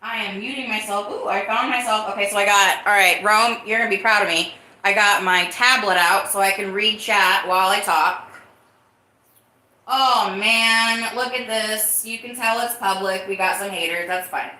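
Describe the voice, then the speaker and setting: A woman's voice: medium pitch, steady tone, normal speed, pushed and bright, echoey room. A woman hosting her own live-stream podcast, talking casually and greeting viewers in the chat. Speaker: livestream podcast host.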